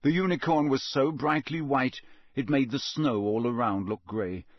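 A man reading a novel aloud as narrator, in a steady, measured storytelling voice that is slightly husky. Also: medium pitch, no echo, clean studio sound. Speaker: audiobook narrator.

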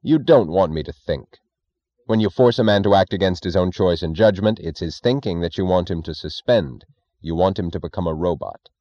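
A man voicing a calm, defiant captive thinker in an audiobook, measured and precise. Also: low voice, dry recording, muffled recording, natural voice. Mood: coldly firm. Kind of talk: audiobook character voice.

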